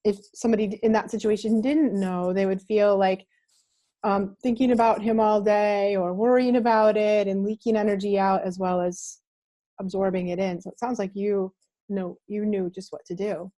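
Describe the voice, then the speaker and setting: A woman's voice: mid-range voice, steady tone, moderate pace, warm tone. Earnest woman explaining with vivid images. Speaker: guest, reiki teacher. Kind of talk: explanatory interview talk.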